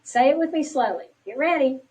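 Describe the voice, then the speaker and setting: Woman narrator, bright animated delivery, encouraging and clear, recorded a bit off-mic. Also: sits high, slight background noise. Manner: slow, clearly paced, encouraging teacher talk. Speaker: instructional video narrator. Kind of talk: scripted instructional narration. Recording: distant from the mic.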